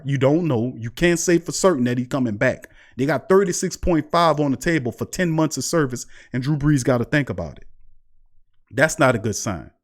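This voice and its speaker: A man hosting a live sports talk stream, heated and repeating rhetorical questions to his chat. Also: mid-range voice. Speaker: sports show host.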